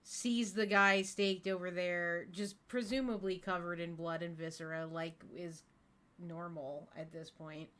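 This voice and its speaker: A woman's voice: on the low side, steady tone, a little slow, fairly bright tone. A woman playing a tabletop game, describing her character's moves in a thoughtful, hesitant way. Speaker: player.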